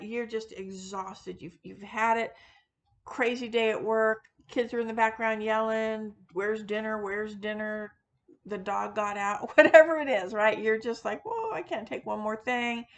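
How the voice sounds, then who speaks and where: A woman talking casually to her viewers, rambling with many fillers and restarts and poking fun at herself. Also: fairly high pitch. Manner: rambling, frequent fillers and restarts, self-deprecating. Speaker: witchcraft video host; teacher of classes. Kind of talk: casual unscripted monologue.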